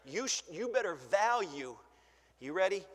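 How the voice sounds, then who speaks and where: High-voiced, shouting older preacher in a reverberant hall. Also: male voice, sing-song, measured pace. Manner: shouting, exclaiming hallelujah, swinging between loud and soft. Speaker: pastor. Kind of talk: pentecostal sermon. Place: church.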